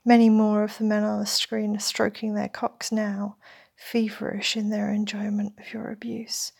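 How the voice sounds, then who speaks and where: A woman narrating an erotic story in the first person as a whispered role-play, with a breathy, intimate delivery. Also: medium pitch, monotone, moderate pace, a little mellow.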